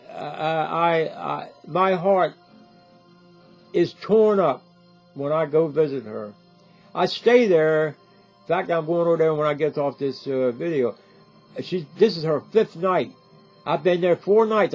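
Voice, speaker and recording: Talking straight to the camera, this older male commentator wanders from point to point, going over things again and repeatedly prompting "See?". He has a somewhat high voice with a darkish tone, heard through dull, lo-fi audio and faint background music.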